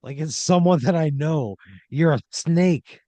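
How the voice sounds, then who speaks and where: A man's voice: on the high side, a little slow, warm tone, dry recording. A man in an improvised comedy podcast, sounding exasperated and swearing often. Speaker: improv player.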